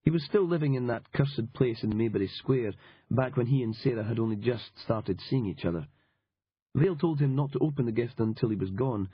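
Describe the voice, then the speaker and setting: A man narrating an audiobook in a dry, wry and measured manner. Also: medium pitch, breathy edge. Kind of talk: scripted narration. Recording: dull lo-fi audiobook recording.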